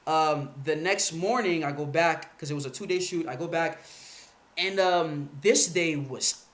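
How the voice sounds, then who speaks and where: A man's voice: on the high side, measured pace, fairly bright tone. A man, a podcast guest, telling a story casually in a laid-back, slangy way with plenty of swearing. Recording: roomy podcast room.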